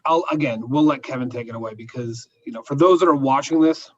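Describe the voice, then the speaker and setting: Halting man on a dull, hissy line. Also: medium pitch. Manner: hesitant, halting. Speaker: podcast host. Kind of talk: casual podcast discussion. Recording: dull line with faint hiss.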